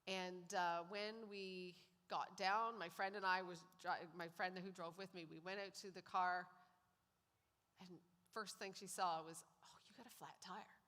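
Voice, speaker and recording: Woman, bright voice, church testimony in a reverberant hall, acts out the quotes. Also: on the low side, steady tone, measured pace. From Canada. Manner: storytelling, acts out quoted lines. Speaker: guest speaker sharing testimony. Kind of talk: personal testimony in a church service. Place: church sanctuary.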